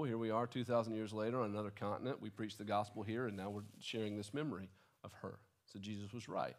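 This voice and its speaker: A man's voice: lowish voice, steady tone, quick pace. A male pastor delivering a sermon, talking conversationally, restarting phrases and acting out the people he quotes. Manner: conversational preaching with repeated restarts and dramatized quotes.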